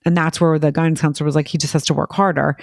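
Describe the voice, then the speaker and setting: A woman chatting casually as a parent on a podcast, telling quick, filler-heavy stories and acting out what people said. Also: low voice, little pitch movement, no echo, studio quality. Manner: rapid, filler-heavy storytelling, acting out quoted voices. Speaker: parent guest.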